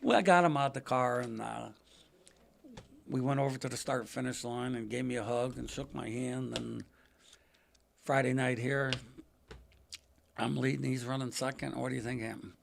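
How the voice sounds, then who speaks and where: An older man, a podcast guest telling racing stories in a casual, animated way, acting out quotes in a raised voice. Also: medium pitch, moderate pace, gravelly, pauses often, a little hiss or hum. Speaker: podcast guest, retired race car driver. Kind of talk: casual storytelling interview.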